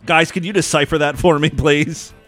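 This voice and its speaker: A man hosts a crude comedy podcast with a somewhat high voice. He rambles and mocks in an irreverent, offhand way. Faint music plays underneath. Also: fairly even intonation, moderate pace. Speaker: podcast host.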